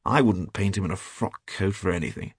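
A man's voice: sits low, expressive, fairly quick, creaky, slightly rough, no room sound, clean studio sound, full character voice. A man voicing a worldly, amused painter who teases his friend, with a drawling manner.

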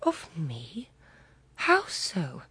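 A woman reading the part of an elegant young Parisian lady who sounds startled and gently pitying. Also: deep voice, wildly swooping pitch, extremely slow, slightly rough, dry recording, heavily acted. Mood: astonished.

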